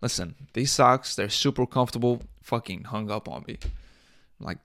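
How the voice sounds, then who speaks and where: A man's voice: fairly low pitch, normal speed, a bit bright, dry recording. Young male podcast host, swears a lot, laughs through anecdotes, dry close mic. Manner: profane, laughing often. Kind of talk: casual storytelling.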